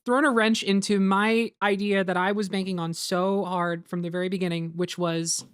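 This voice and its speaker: A woman in casual commentary chat, talking quickly with lots of fillers and some swearing. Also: medium pitch, flat delivery, clear, resonant tone, dry recording, clean studio sound. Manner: fast, swearing, many fillers. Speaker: show creator and host.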